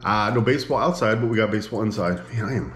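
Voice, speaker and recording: Here a Midwestern American vlogger with a lowish voice talks quickly, the room giving his voice a roomy sound. He rambles to the camera in a chatty, self-deprecating way.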